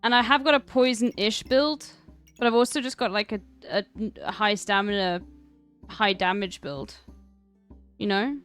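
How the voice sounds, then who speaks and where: A woman's voice: medium pitch, normal speed, fairly bright tone, smooth, faint music behind. A woman streaming a game, chatting casually and thinking aloud as she plays. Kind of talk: casual gaming commentary.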